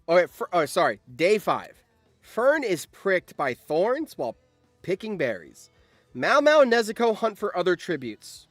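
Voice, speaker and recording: A man streaming live, reacting excitedly and yelling in surprise on a close mic. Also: high-pitched, unhurried, no echo, soft background music. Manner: excitable, yells in surprise, laughs often.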